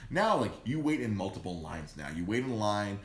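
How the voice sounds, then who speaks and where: A man co-hosting a podcast, telling a long story in a loose, animated way, swearing constantly and acting out the people he quotes. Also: lowish voice, normal speed, roomy sound. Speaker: podcast co-host. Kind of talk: casual profane storytelling. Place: podcast studio in a comic shop.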